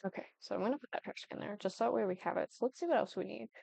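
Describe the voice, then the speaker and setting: Young female gaming vlogger, chatty and self-apologetic, dark gravelly tone. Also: medium pitch, rapid-fire, no room sound. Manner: chatty, apologetic, thinking aloud. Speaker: Sims building YouTuber. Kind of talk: casual gameplay commentary.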